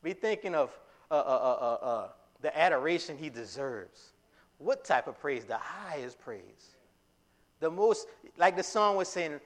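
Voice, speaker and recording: A man preaching a sermon in a casual, conversational way, full of fillers and restarts, breaking into loud emphatic lines. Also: a little high, animated, a little slow.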